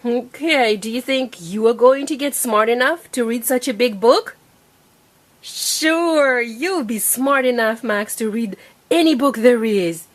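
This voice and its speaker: A young woman patiently teaching her small child to read, sounding out each word slowly and clearly. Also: a little high. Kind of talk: reading lesson with a preschooler.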